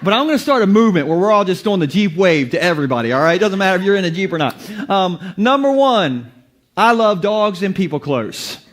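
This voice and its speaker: A man's voice: sits high, very animated, brisk. A man preaching as a pastor to his congregation, in a playful joking way, often laughing. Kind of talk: humorous sermon. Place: church basement before a congregation.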